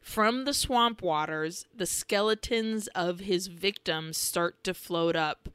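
A woman co-hosting a podcast, retelling a film plot in lively, casual storytelling that is peppered with swearing. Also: lowish voice, takes it slowly, clear, resonant tone, no echo. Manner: animated storytelling, swears freely. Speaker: podcast co-host. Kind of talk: casual film recap chat.

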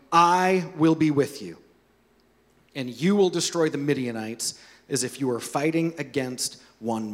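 High-voiced pastor preaching in a reverberant hall. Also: male voice, fairly bright tone. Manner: earnest, conversational preaching with rhetorical questions. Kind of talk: sermon.

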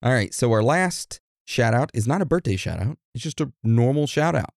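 Lively, gravelly-voiced man co-hosting a podcast. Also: medium pitch, normal speed, no room sound, studio quality. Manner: animated, joking, reads listener shout-outs. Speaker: podcast co-host. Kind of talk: casual podcast chat.

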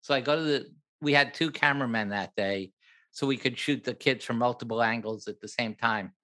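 Older man telling an animated anecdote. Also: mid-range voice, brisk. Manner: animated, acts out other people's lines, laughs at his own story. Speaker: film director guest. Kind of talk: anecdotal storytelling in an interview.

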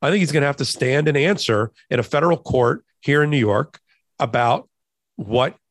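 A man's voice: mid-range voice, normal speed, no echo, clean studio sound. A man co-hosting a law and politics podcast, explaining legal procedure in a casual, conversational way with frequent restarts. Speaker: podcast co-host, trial lawyer.

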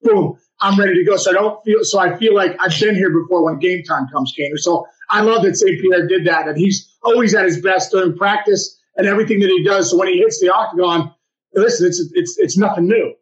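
A man's voice: sits high, fairly quick, highs cut off. A man co-hosting a podcast as a baseball coach, talking with enthusiasm and lots of stumbling restarts. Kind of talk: casual podcast chat.

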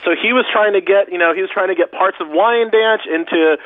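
A man's voice: sits high, a little fast, dry recording. A man with a Long Island New York accent, telling a story as a guest on a radio show, rambling and restarting sentences. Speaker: guest author. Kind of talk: casual radio conversation. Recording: tinny phone line.

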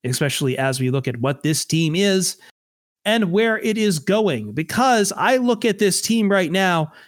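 A man's voice: high voice, expressive, unhurried, no room sound, studio quality. A man hosting a casual sports podcast in a sarcastic, joking way. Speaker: podcast host.

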